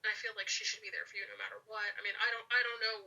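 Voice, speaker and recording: A woman's voice: mid-range voice, flat delivery, very fast, gravelly, sharp tone, far from the mic, poor audio. A woman speaking as a podcast guest, earnest and emotional, laughing often as she talks frankly about her life. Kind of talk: candid personal conversation.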